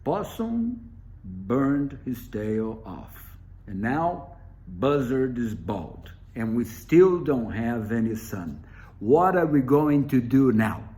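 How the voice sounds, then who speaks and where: A man's voice: medium pitch, very animated, takes it slowly, dark tone. A man doing a blunt storybook wolf. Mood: worried. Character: male wolf, leader of the animals, blunt.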